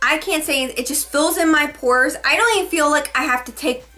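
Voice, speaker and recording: A woman's voice: sits high, a little fast, sharp tone, faint music behind. A woman beauty vlogger reviewing her favorite products in a casual, gushing, chatty way, correcting herself as she goes.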